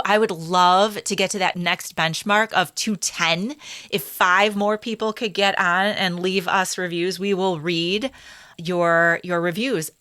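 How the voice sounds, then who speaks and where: A woman podcast host chatting casually with her co-host, reading listener reviews aloud and lighting up with quick excitement. Her voice sits in a middle register and sounds close and dry, with no room around it. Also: medium pitch, no echo.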